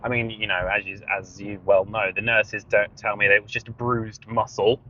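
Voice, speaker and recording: A man co-hosting a podcast in casual chat, telling stories in an animated way and laughing often, recorded inside a car. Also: on the low side, moderate pace. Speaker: podcast co-host. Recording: dull lo-fi recording.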